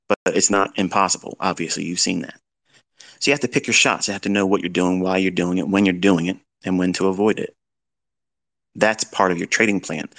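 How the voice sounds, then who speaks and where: A man's voice: sits low, vocal fry, fairly bright tone. A middle-aged man lecturing as a trading mentor, giving blunt fatherly advice with rhetorical questions. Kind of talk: lecture-style talk.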